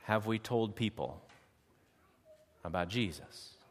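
A man preaching a sermon to a congregation, dramatic, slowing down and changing his loudness for emphasis and acting out short exchanges with his listeners. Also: lowish voice. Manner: acts out quick dialogue with the congregation. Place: church hall. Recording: long hall reverb.

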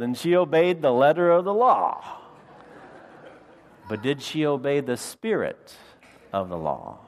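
A middle-aged man preaching a sermon, telling a family story with lively quoted voices. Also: a little high. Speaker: pastor.

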